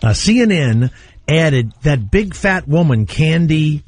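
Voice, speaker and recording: A man's voice: a little high, animated, takes it slowly, a little mellow. A man hosting a radio talk show, bantering bluntly and teasing his co-host as he jumps between topics. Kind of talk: casual banter.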